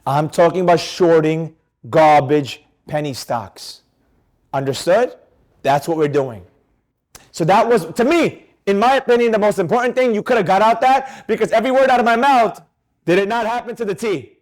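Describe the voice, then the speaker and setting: High-voiced, animated male trading instructor. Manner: animated, emphatic, quizzes students with rapid questions. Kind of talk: live trading class discussion.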